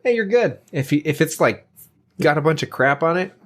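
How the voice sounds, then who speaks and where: A man's voice: on the high side, moderate pace. Rambling man, laughing and swearing. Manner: rambling, heavy use of "like", laughs often; profane, animated storytelling. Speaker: podcast host. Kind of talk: casual podcast chat.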